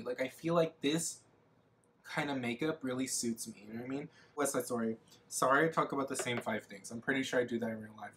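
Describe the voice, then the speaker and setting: A man's voice: mid-range voice, fairly bright tone, a little hiss or hum. Young male makeup vlogger, chatty and rambling, self-deprecating, lots of fillers, recorded on a camera mic at home. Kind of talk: casual get-ready-with-me chat.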